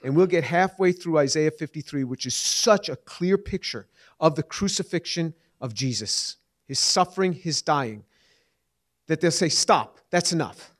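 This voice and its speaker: A man's voice: on the high side, expressive, moderate pace. Earnest man answering audience questions. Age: 50s. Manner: earnest, repeats and restarts words. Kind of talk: lecture Q&A answer.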